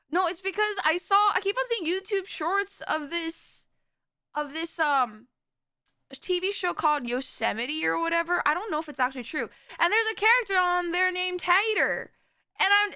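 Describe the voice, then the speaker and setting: A young woman streamer with a high, bright voice chats to her viewers in a loose, rambling way, breaking into giggles. Her voice sounds close and dry, with no room around it. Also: dry recording. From Florida, USA. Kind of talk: casual reaction stream chat.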